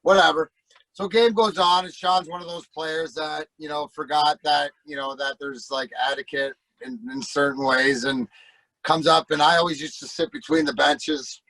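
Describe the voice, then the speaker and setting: Middle-aged man, casual storytelling, profane and animated, fairly high voice, dry close sound. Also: normal speed, no room sound, low-quality recording. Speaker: guest, former hockey player.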